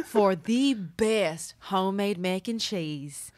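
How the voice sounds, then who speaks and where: Woman putting on a warm Southern grandma voice. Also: mid-range voice, no room sound, natural voice. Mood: coaxing. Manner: slow, drawn-out and sweetly coaxing. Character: warm older Southern grandmother sharing a recipe.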